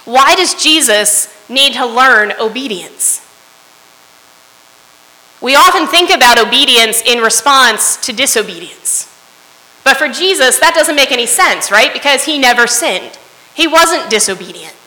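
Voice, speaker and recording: A woman's voice: sits high, animated, a little slow, bright, forceful tone. A woman preaching a sermon in an earnest way, often asking her listeners "right?" as she goes. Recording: long hall reverb.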